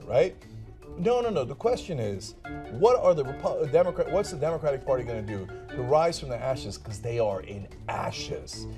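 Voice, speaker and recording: A man hosting political commentary, ranting sarcastically, swearing and shouting. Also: a little high, animated, a little fast, soft background music. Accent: American. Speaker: news commentary host.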